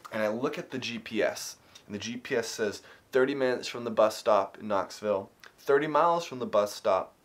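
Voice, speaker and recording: A man telling a personal story to camera in a casual vlog. He rambles with many fillers and restarts and grows animated at the tense parts. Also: on the low side. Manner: animated when retelling tense moments. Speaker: vlogger.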